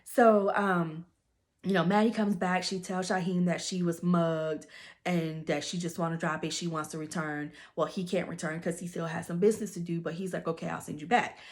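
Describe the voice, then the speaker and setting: A woman with a lowish voice recapping a story in chatty, gossipy fashion, full of fillers and asides. She sounds like she is spilling the tea to a friend. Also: steady tone, normal speed. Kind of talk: casual plot recap.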